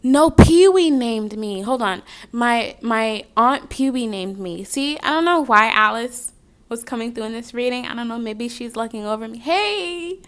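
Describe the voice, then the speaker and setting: A woman's voice: fairly high pitch, normal speed, bright, forceful tone, clean tone. Chatty young woman reading tarot. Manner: chatty, rambling, wanders off on tangents. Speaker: tarot card reader. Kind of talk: casual tarot reading chat.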